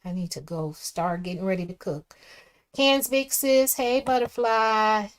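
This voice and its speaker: A woman's voice: mid-range voice, a little slow. A woman hosting a livestream, reading viewer comments aloud and reacting in a casual, chatty way. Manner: chatty, reads comments aloud and reacts, swings from soft asides to loud exclamations. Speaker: livestream host reading chat. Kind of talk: casual live chat commentary.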